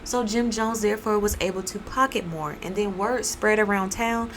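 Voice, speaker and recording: Woman host, casual animated storytelling, playful character voices, faint background noise. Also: medium pitch, normal speed, hardly any pauses, low-quality recording. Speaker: podcast host.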